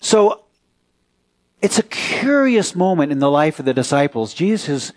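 A pastor preaching a conversational sermon in a church, turning to the congregation with questions. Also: male voice, fairly high pitch, very animated, normal speed.

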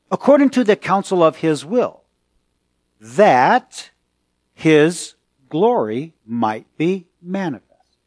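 Slow, deliberate male pastor preaching. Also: on the high side, no echo. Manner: slow, deliberate preaching with pauses and rising emphasis. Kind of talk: sermon.

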